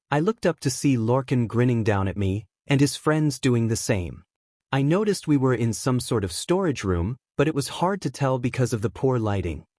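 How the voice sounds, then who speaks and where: A man narrates a fan story in first person, in a subdued, even way. His voice sits at a medium pitch. The recording is dry and close. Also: no echo. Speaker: fanfiction reader.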